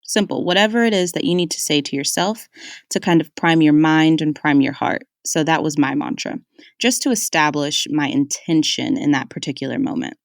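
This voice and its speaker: A woman's voice: sits low, moderate pace, no room sound, studio quality. A young woman hosting a podcast, telling a personal story in a candid, conversational way and speaking straight to her listeners. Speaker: podcast host.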